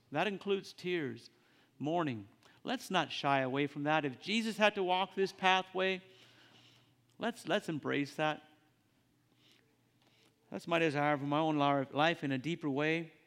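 Male preacher, earnest and halting, somewhat raised pitch, long hall reverb. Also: fairly bright tone, clear, resonant tone. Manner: earnest, halting, repeats phrases. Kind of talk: sermon.

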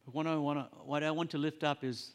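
Male preacher, earnest and halting, somewhat raised pitch, long hall reverb. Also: flat delivery. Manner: earnest, halting, repeats phrases. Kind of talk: sermon.

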